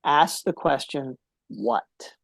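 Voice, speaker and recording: A man's voice: mid-range voice, very slow, creaky, dry recording. A man speaking as a podcast guest, telling a heartfelt story in an earnest way and repeating key phrases for emphasis.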